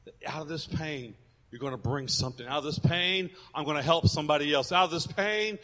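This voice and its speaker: A man preaching a sermon as a pastor, emphatic and swinging between loud and hushed, in an echoey hall. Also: fairly high pitch, brisk.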